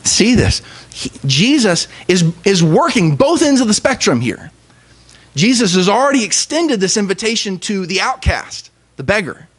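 A young male pastor preaching with real feeling. His voice sits fairly high and swings widely in pitch, lingering on key words with emphatic pauses. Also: very animated, husky. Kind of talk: sermon.

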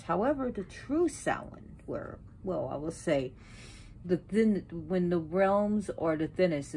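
A pagan video host sets up an altar at home while chatting casually about mythology on her channel. Her low, darkish voice rambles, corrects itself, and breaks into sudden outbursts, with a little hiss or hum on the recording.

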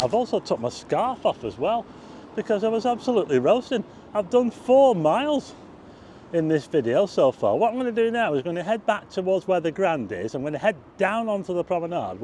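His fairly high, slightly mellow voice comes with a little hiss or hum. He is a travel vlogger strolling town streets outdoors, chatting casually, addressing viewers as folks and exclaiming at the sights.

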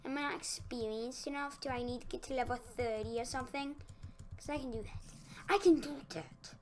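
A woman giving casual let's-play commentary, excitable and talking to herself as she plays. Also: on the high side, brisk. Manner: excitable, talks to herself, easily annoyed. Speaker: gaming youtuber.

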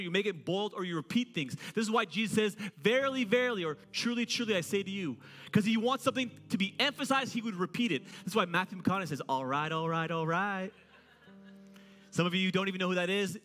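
Male pastor, sermon delivery, playful and animated, slightly high voice, echoing hall with soft music beneath. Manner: joking, animated preaching. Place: church auditorium. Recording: reverberant hall with faint music.

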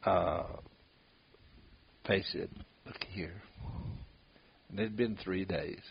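Older gravelly storyteller. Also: male voice, deep voice, drawn-out words. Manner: folksy, laughs at his own stories. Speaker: bloodhound tracker. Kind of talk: storytelling in casual conversation. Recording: dull lo-fi recording with hiss.

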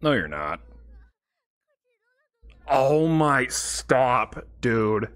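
A man's voice: on the low side, lively intonation, drawn-out words, long pauses, fairly bright tone. A young man hosting an anime reaction channel, exclaiming, swearing and laughing his way through casual commentary. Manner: exclamatory, profane, keeps breaking into laughter.

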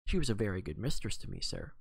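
A man's voice: lowish voice, wildly swooping pitch, quick pace, vocal fry, husky, no echo, clean studio sound, full character voice. A man reading aloud, voicing a respectful, old-fashioned elderly woman servant who answers politely. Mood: deferential. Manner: polite, deferential.

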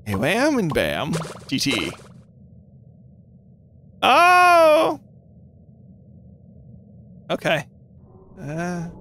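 A young man giving playful, animated commentary while playing a game, with quick reactions and jokey cries of pain. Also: fairly high pitch, vocal fry, slight background noise. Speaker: gaming YouTuber.

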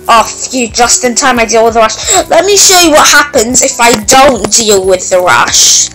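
A woman giving let's-play commentary on a game, excitable and quick to shout and giggle. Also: sits high, low-quality recording. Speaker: gameplay commentator. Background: game music.

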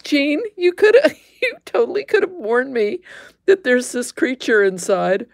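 Woman host, casual livestream chat, unhurried with a gravelly edge, dry close sound. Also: medium pitch, no room sound. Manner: chatty, easily amused, squeamish exclamations.

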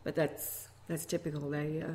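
A woman co-hosting a talk-radio show, speaking in a measured, matter-of-fact way. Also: low-pitched, flat delivery, mellow, echoey room. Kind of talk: casual talk-radio chat.

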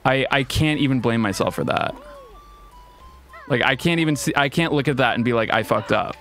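A young man giving casual, profane, excitable commentary while streaming a game. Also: mid-range voice, brisk, faint music behind.

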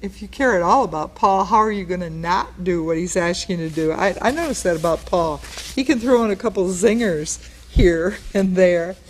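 A woman pastor with a slightly low voice leads a Bible study. She teaches in an easy, conversational way, unpacking what words mean. She acts out the lines she quotes. It sounds like a studio recording. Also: moderate pace. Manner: conversational, explains word meanings, acts out quotes.

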